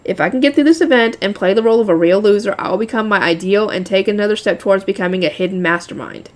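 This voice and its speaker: A woman's voice: mid-range voice, fast, darkish tone. Woman reading a light novel aloud. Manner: laughing, breaks off reading to talk to viewers.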